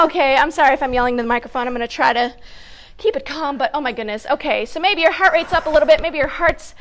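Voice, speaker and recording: A high-pitched woman leads a children's story time with bouncy, encouraging energy. She laughs easily and cheers the kids along while sitting on the floor, her voice caught close on a clip-on mic. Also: fast, a bit bright. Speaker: family educator hosting children's story time. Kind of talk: upbeat instructions for young children. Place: sitting on a hard floor indoors. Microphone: clip-on mic with wires.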